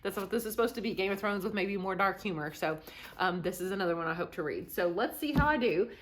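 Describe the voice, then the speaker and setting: A woman's voice: medium pitch, expressive, fast. A young woman vlogging about her reading to camera in a casual, chatty way, tired and self-deprecating with light laughs. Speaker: book vlogger.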